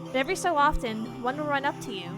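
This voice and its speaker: A woman with a high-pitched voice talks fast while livestreaming a game, reading its narration aloud and reacting with plenty of laughter and swearing. Game music plays behind her.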